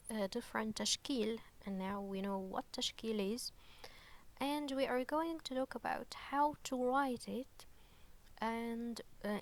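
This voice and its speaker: A woman gives an online language lesson at a slow, careful pace. Her voice sits fairly high, and she keeps stopping to ask "okay?" as she explains each point with patience. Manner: slow and patient, with frequent fillers and "okay?" check-ins. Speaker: Arabic teacher.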